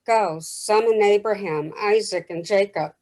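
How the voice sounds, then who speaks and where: A woman reads an ancient text aloud to a study group, slowly and carefully. Her voice is mellow and dark in tone. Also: medium pitch, poor audio. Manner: slow, careful reading. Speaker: class participant reading aloud.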